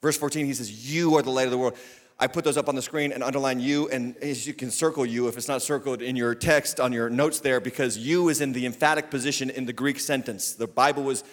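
A man preaching a sermon as lead pastor, swinging from loud declarations to quiet asides, with bits of humor. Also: medium pitch, fairly even intonation, quick pace. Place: church sanctuary. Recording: long reverb of a large hall.

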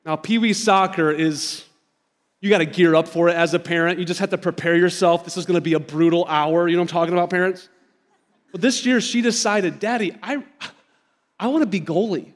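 A man in his thirties, a pastor, preaches a sermon in a church sanctuary, telling stories conversationally and speaking directly to the congregation. His high-pitched voice is brisk and echoes through the large hall.

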